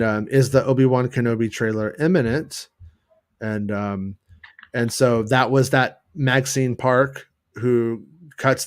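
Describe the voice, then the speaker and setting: A man's voice: medium pitch, no room sound, studio quality. A man hosting a casual fan news show, chatting loosely with many restarts and joking asides. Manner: rambling, restarts, jokey put-on voices. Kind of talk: casual livestream chat.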